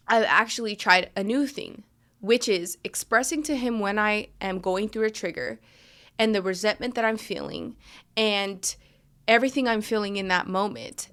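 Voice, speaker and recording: A woman's voice: medium pitch, bright, forceful tone. A woman hosting a podcast, telling a personal story in a frank, emphatic way and swearing freely. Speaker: podcast host.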